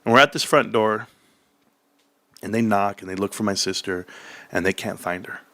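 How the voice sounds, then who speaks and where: Animated man telling a story. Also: moderate pace, no room sound. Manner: animated, acts out childhood voices in a high excited pitch; laughs often while telling. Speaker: host telling a childhood story. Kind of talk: casual storytelling.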